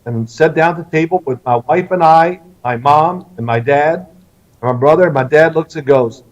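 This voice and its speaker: Animated middle-aged man telling stories. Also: on the high side, normal speed. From Louisville, Kentucky, US. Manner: animated storyteller who acts out quoted lines. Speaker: interview guest. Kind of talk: storytelling interview. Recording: slightly distant, dull lo-fi sound.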